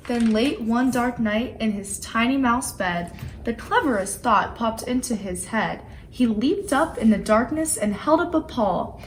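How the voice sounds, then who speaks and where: Slow, expressive woman reading a storybook. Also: a little high, a little hiss or hum, poor audio. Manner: expressive storytelling, playful emphasis. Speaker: volunteer children's book reader. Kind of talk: reading a rhyming picture book aloud.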